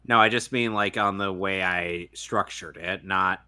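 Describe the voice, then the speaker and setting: Bright-voiced man asking questions on a podcast. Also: sits low, steady tone, clear, resonant tone. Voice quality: halting, asks his co-hosts questions. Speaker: podcast co-host. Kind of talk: casual movie chat.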